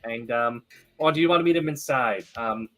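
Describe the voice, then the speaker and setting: A man's voice: mid-range voice, normal speed, a bit bright, soft background music, close to an everyday voice. A man voicing a fussy older woman who runs a bar, gushing and affectionate. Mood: fussing.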